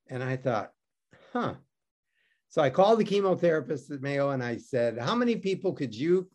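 Lively wry man from Detroit. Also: a little high. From Detroit, USA. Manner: wry, self-mocking, acts out quoted dialogue. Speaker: guest. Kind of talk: animated storytelling.

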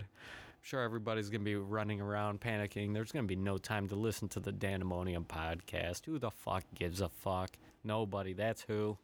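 Gruff, laughing, profane male podcast ranter. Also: lowish voice. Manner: swearing, laughing, rambling. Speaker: podcast host. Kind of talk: profane comedic rant.

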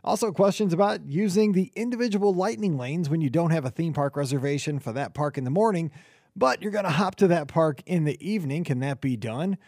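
A man hosting a podcast in upbeat chat, his voice a little hoarse from cheering. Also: fairly high pitch, a little fast, no echo, studio quality. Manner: energetic, enthusiastic. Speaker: podcast host.

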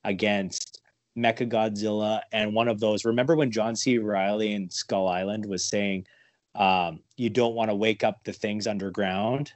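A man's voice: on the low side, fairly even intonation, normal speed, dry recording. A man chatting casually as a podcast co-host, rambling and profane, poking fun at himself. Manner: rambling, profane, self-mocking theorizing. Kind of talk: casual chat.

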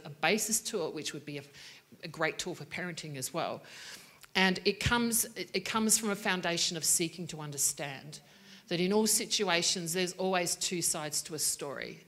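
Her voice on the low side yet fairly bright, a woman teacher delivers a devotional parenting talk about gracious speech. The tone is conversational, peppered with frequent "right?" check-ins to her listeners.

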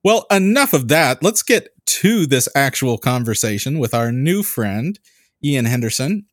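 A man's voice: mid-range voice, big pitch swings, a little slow. A middle-aged man from the United States hosting a casual podcast interview, chatty and joking as he rambles into his questions. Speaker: podcast host.

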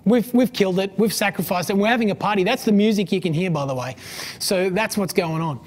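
A woman's voice: mid-range voice, fast, a little mellow, lightly acted. A woman voicing a chatty male household servant who passes on the news in a gossipy way.

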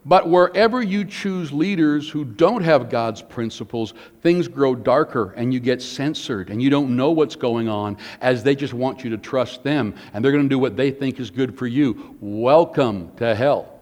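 A man's voice: medium pitch, normal speed, few pauses, a little mellow. A man preaching a sermon as pastor, emphatic and varied, asking rhetorical questions of the congregation. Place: church. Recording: long hall reverb.

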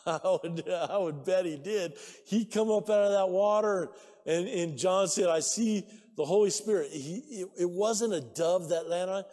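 Male pastor, very high voice, excitable sermon, echoing church hall. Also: measured pace. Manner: excitable preaching, shouting and laughing. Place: church sanctuary.

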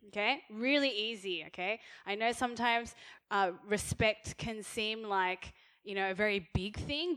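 A woman in her thirties giving practical marriage advice in a sermon, chatty, laughing often and checking in with "okay?". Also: medium pitch. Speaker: pastor's wife, speaker.

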